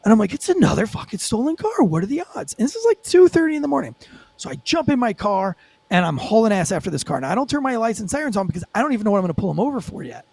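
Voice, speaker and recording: A man with a high-pitched voice tells his story as a podcast guest. His telling is animated and profane and packed with fillers. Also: very fast, creaky, no echo. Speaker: former police officer and podcast guest. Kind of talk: storytelling in a casual podcast interview.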